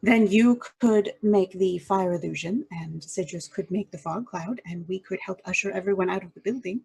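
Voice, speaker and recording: A woman playing a tabletop game, hesitant with many pauses and fillers. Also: medium pitch, gravelly, darkish tone, husky. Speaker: player. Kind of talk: tabletop role-play.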